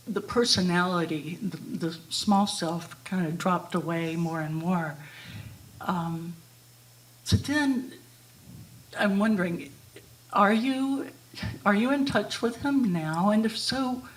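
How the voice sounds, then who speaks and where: A woman's voice: medium pitch, rough recording. A woman from the audience asking a question into a handheld mic, hesitant and searching for her words. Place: ashram hall at a live retreat.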